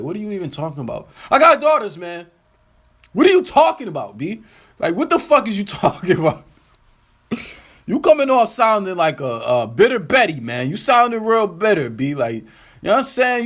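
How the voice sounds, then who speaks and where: Animated man ranting on his web show. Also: a little high. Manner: animated, incredulous, slangy and profane. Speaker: host of a web talk show. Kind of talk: casual solo commentary rant.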